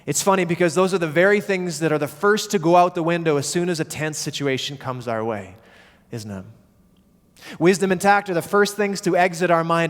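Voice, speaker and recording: A man's voice: a little high, normal speed. A man preaching a sermon as pastor, telling a story and acting out the people in it. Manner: storytelling, acts out quoted voices. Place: church. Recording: long reverb of a church hall.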